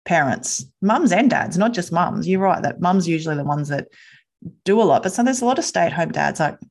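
A woman podcast host in easy interview chat. She talks in a chatty, animated way, sometimes jumping into playful voices. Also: on the low side, brisk, creaky.

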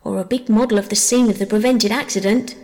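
A woman voicing a cocky, boastful young boy in a storybook reading, blunt and teasing, with a gravelly tone and long reverb. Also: medium pitch, fairly even intonation, quick pace, darkish tone, close to an everyday voice.

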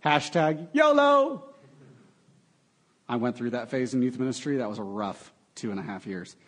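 A young adult man preaching a sermon, animated and full of sarcastic asides. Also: mid-range voice, fast talker, slightly rough. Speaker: pastor.

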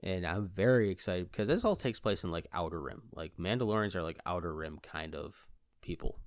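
A man hosting his own podcast, chatting alone in an excitable, rambling way full of "like". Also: low voice, fairly quick, dry recording, studio quality. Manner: excitable, rambling, fills talk with "like". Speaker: podcast host. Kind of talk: casual solo chat.

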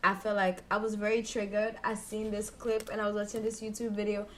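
A woman co-hosting a casual podcast chat, talking in a chatty, animated way. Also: mid-range voice, fairly quick, very noisy. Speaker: podcast co-host.

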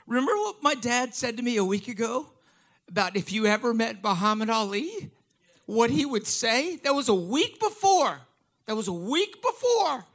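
A man telling a profane stand-up story in an animated, excitable way. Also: very high voice, normal speed. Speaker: comedian.

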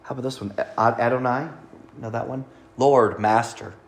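A man's voice: medium pitch, steady tone, moderate pace. Man teaching a sermon. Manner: teaching, reading scripture aloud, light asides. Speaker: preacher.

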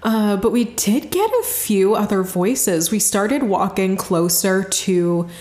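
A woman's voice: medium pitch, expressive, slow, darkish tone, roomy sound. A woman co-hosting a podcast, telling a story in casual chat, chatty and giggly with lots of fillers. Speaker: podcast co-host.

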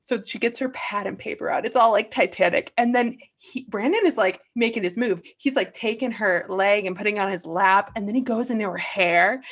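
A young woman recapping a movie in casual chat, animated and playful, breaking into silly voices for the characters. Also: mid-range voice, fairly quick, few pauses, husky. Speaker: podcast co-host.

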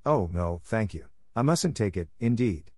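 A man voicing a shy, well-bred poor young girl in a storybook reading, speaking politely and gently. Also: lowish voice, expressive, measured pace, no echo, clean studio sound. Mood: shy refusal.

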